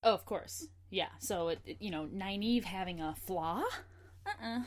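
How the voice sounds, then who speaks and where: A woman's voice: mid-range voice, normal speed. A woman guest on a podcast, chatting casually, laughing often and reading passages from a book aloud. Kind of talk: casual chat.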